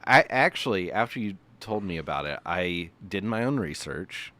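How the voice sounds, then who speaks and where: A man's voice: sits low, animated, normal speed, a bit bright, no room sound. A man co-hosting a podcast in casual chat, bantering wryly and laughing often. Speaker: podcast co-host.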